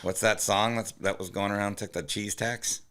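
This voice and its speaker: A man co-hosting a comedy podcast in loose, profane, joking chat, laughing often and slipping into quick impressions. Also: on the low side, fairly even intonation, a bit bright. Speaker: podcast co-host.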